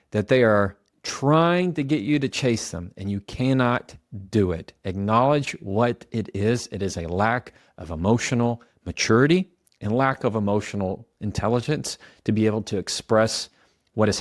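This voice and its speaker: A man's voice: on the low side, dry recording, studio quality. A man giving a motivational advice talk, speaking directly and coaching the listener, often repeating example phrases aloud.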